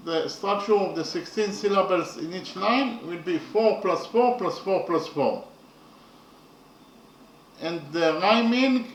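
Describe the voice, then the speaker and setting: A man teaching a lesson on poetry, speaking haltingly and often checking understanding. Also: high voice, a bit bright. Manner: halting, repeats points with "okay?". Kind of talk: lecture on poetry. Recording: echoey room, mic at a distance, faint noise.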